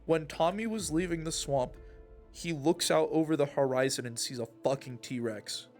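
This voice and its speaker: A man recapping a roleplay night with loud, profane, animated storytelling. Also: normal speed, soft background music. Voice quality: swears freely, gets loud and high when quoting. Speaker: roleplay streamer recapping his character's night.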